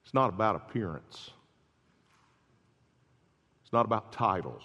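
A man preaching a sermon as pastor, telling stories with rising intensity and quiet drops. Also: fairly low pitch, measured pace. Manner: animated storytelling, builds to loud peaks then drops soft. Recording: dull lo-fi recording in a large reverberant hall.

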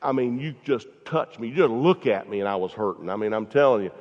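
A man's voice: mid-range voice, expressive, quick pace. A man preaching a sermon in a folksy, conversational way, talking straight to his congregation with frequent asides. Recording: echoey hall, dull lo-fi sound.

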